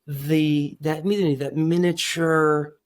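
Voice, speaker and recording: A man in his forties from Iran, a guest in a casual interview, talking in halting starts with lots of restarts. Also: on the high side, flat delivery, smooth, no echo, clean studio sound. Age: 40s.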